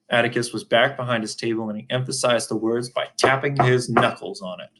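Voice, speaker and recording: A man reads a novel chapter aloud in a measured, unhurried way. His voice sits at an ordinary mid pitch for a man. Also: fairly even intonation, a bit bright. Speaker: reader. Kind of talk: audiobook narration.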